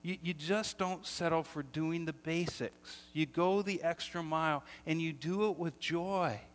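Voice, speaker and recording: Animated male pastor in a reverberant sanctuary. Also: fairly high pitch, unhurried. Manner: animated storytelling, repeats words when starting sentences. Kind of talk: sermon. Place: church sanctuary. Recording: long hall reverb.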